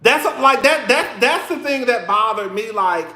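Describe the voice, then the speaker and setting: High-voiced man rambling in an echoey room. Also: animated, a little slow, sharp tone. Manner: rambling, full of "like" and restarts. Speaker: podcast host. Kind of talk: casual commentary chat.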